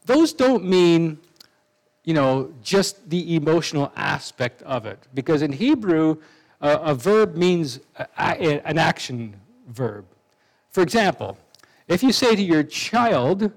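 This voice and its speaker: A man's voice: on the high side, sing-song, slow, low-quality recording. A man preaching a sermon in a conversational way, with asides and restarts.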